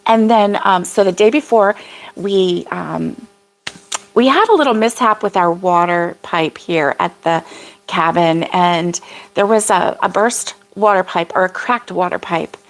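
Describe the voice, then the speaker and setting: An older woman hosting a casual crochet livestream, rambling about her week with frequent laughs and reading viewer comments aloud. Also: mid-range voice. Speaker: crochet vlog host.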